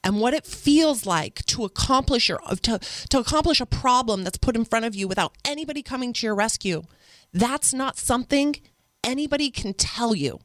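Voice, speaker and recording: A woman guest on an interview show, a mother telling stories in an earnest, animated way. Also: a little high, moderate pace, no echo. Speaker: podcast guest. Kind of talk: conversational interview storytelling.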